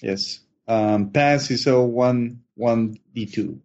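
A man running a tabletop horror game as game master, narrating slowly with many fillers and pauses. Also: medium pitch, a little mellow. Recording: dull lo-fi online voice chat.

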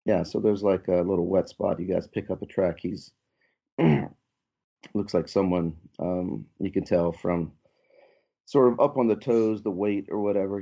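Deep gravelly guy running a tabletop game, husky dark voice, dull lo-fi sound. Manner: relaxed, halting narration with fillers. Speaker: game master. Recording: muffled lo-fi audio.

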